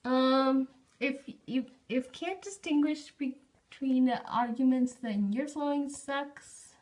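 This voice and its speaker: A teenage girl talks through debate tips in a casual, unscripted way. She restarts often and uses informal slang. Her voice sits a little high. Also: slow, a little mellow. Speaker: student debater giving tips. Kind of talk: casual unscripted how-to talk.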